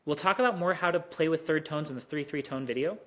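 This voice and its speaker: A teacher giving an online lesson on Mandarin tones, who speaks slowly and carefully and exaggerates the tones to demonstrate them. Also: medium pitch, a bit bright.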